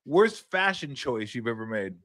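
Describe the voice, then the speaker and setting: A man's voice: mid-range voice, sing-song, normal speed, fairly bright tone, dry recording. A man hosting a sports talk show, playful and chatty, laughing easily while he trades stories. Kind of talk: casual talk show chat.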